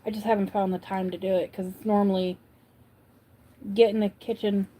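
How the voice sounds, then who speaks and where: A woman's voice: mid-range voice, flat delivery, brisk, dark tone. A woman from upstate New York hosting a casual livestream, chatting and answering viewers' comments as she goes. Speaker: livestream host.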